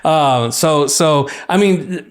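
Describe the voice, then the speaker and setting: A young man from California, a university student, telling his story as a podcast guest in a relaxed, rambling way, full of "like" and "you know". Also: on the high side, slow. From California, USA. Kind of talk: casual storytelling interview.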